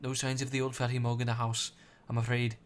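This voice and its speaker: A man voicing a brash, chummy male fairy sidekick with a Welsh accent, shouting a lot. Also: mid-range voice, level tone, quick pace, a little hiss or hum, natural voice.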